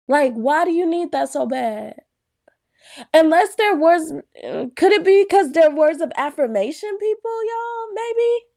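A woman's voice: sits high, no echo, studio quality. A young woman, chatting casually on her own show, with lots of "y'all" and laughs between thoughts. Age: young adult. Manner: chatty, animated, frequent "like" and "y'all", laughs often. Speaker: podcast host. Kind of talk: casual solo talk.

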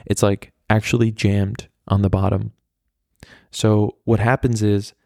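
A man's voice: on the low side, warm tone, no echo, clean studio sound. An American man hosting a podcast, telling candid personal stories in a rambling, casual way, full of "like" fillers and swearing. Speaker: podcast host. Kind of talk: casual storytelling monologue.

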